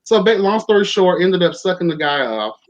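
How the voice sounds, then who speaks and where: A young podcast host tells a story casually on a talk show, campy, sassy and profane, calling everyone child and honey. His high voice swings widely in pitch at a slightly fast pace, and the recording sounds dull and lo-fi.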